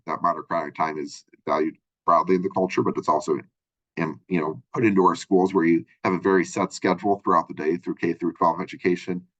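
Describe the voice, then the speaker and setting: A college lecturer with a deep, low-set male voice talks quickly through his lesson. He keeps it conversational and tosses in "right?" and "you know" as he goes. The recording sounds dull and lo-fi. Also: husky. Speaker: college communication instructor. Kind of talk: recorded textbook chapter lecture. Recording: dull lo-fi audio.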